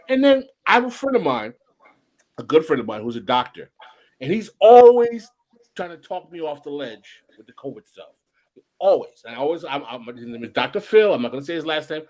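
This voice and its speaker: A man's voice: on the high side, big pitch swings, moderate pace, darkish tone. A man co-hosting a casual podcast chat, talking animatedly with frequent restarts. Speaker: podcast co-host.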